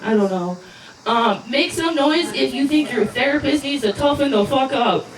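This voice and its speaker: A woman from Colorado with a high voice works through a casual, self-mocking stand-up set. The sound is roomy and distant. A live audience laughs and answers back. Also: expressive. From Colorado, USA. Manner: casual, self-deprecating, quick asides. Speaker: stand-up comedian. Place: outdoor backyard show. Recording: echoey live crowd recording from far off.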